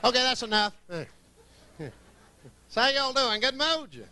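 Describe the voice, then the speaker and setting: Southern male stand-up comic, folksy and wisecracking, high bright voice. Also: big pitch swings, slow, a little hiss or hum. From Columbus, Georgia, US. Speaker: stand-up comedian. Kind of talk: stand-up comedy set. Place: comedy club stage.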